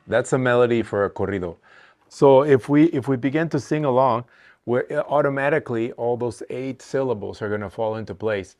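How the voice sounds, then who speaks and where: A man's voice: medium pitch, brisk, a little mellow, faint music behind. A man teaching a songwriting workshop, thinking aloud with frequent "uh" fillers and patiently counting syllables.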